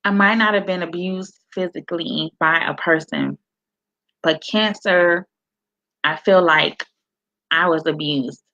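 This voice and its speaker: A woman's voice: lowish voice, measured pace, pushed and bright, dull audio. A middle-aged woman from Miami giving an inspirational talk on a livestream, quoting scripture and greeting her viewers by name in a preacherly way. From Miami, Florida. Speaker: motivational speaker and author. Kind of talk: live-streamed inspirational talk.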